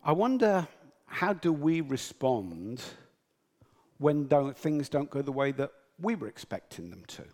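British male preacher, unhurried storytelling sermon, lively pitch. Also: big-room sound. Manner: storytelling, animated, acts out quotes.

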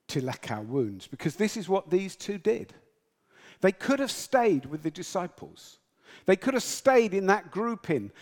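A man from Britain gives a sermon and retells a Bible story with flair. His pitch rises and falls a great deal. He speaks slowly, with deliberate pauses. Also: long reverb tail. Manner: storytelling, animated, acts out quotes. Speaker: preacher.

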